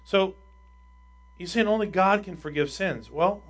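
A male pastor delivers a sermon in a bright, forceful voice that sits a little high. He drives points home with rhetorical questions, rising loud on key lines and dropping quiet on others. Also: a little slow. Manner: emphatic, swings between loud and quiet; asks the congregation rhetorical questions.

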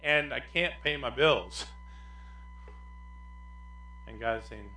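A man preaching a sermon as pastor, animated, swinging between loud emphatic lines and quiet asides. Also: mid-range voice, takes it slowly, roomy sound, poor audio.

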